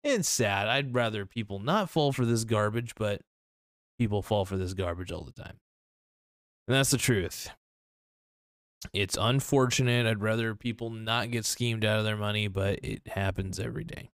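A fairly low-pitched male podcaster speaks at a moderate pace in a dry, clean studio recording. His casual, opinionated rant is blunt, skeptical and profane, studded with fillers.

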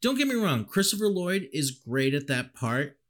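A man's voice: a little high, very animated, moderate pace, fairly bright tone. A man co-hosting a casual movie review chat, rambling and laughing often, swearing now and then. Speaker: podcast co-host.

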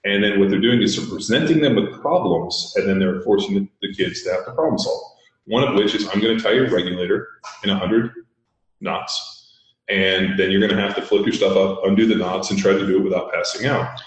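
Male podcast host, low-pitched, blunt and profane storyteller, strong room echo. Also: brisk. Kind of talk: casual storytelling chat. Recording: very echoey room.

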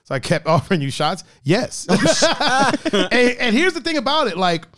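Animated laughing male podcast host. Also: high-pitched, measured pace. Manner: animated, laughs often, does playful voices. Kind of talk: casual podcast chat.

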